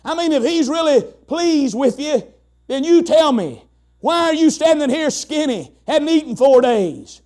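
A man's voice: extremely high pitch, expressive, a little slow, a little mellow, voice pushed up. A man preaching voices the devil as a sly male tempter, mocking with needling questions. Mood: taunting.

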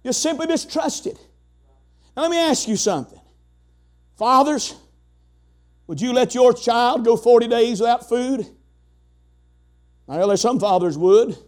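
A man's voice: very high voice, animated, measured pace, long pauses. A man preaching a sermon in an emphatic, folksy way, asking the congregation rhetorical questions.

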